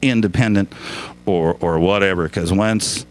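A man's voice: sits low, measured pace. A middle-aged man chatting casually as a radio guest, folksy and joking, rambling with laughs. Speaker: guest musician.

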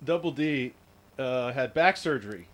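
A man's voice: mid-range voice, animated, normal speed, fairly bright tone. A man hosting a casual radio talk show who tells stories with animation and laughs often. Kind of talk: casual chat.

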